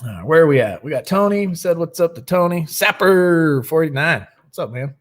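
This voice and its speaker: A man's voice: fairly high pitch, very animated, fast, a little mellow. Friendly man hosting a recovery livestream. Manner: friendly, greets viewers by name. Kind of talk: casual livestream chat.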